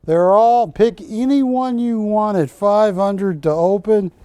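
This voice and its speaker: Unhurried high-voiced shopping-channel host. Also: male voice, mellow, clear, resonant tone, no echo. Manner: folksy, joking, bargain-pushing. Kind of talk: live shopping-channel sales pitch. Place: TV studio.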